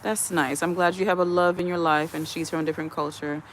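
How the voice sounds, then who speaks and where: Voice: mid-range voice, little pitch movement, quick pace, fairly bright tone, slight background noise. Chatty livestream host outdoors. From USA. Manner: chatty, rambling, greets viewers one by one. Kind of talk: casual livestream chat, reading viewer comments aloud. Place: outdoors in the evening, chilly. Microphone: phone camera, speaker behind it.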